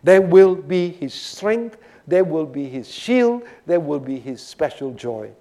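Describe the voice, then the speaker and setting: High voice guy teaching a psalm, swoops up and down a lot, takes it slow, keeps saying right. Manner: animated, often checks in with "Right?". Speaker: Bible teacher. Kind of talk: expository sermon.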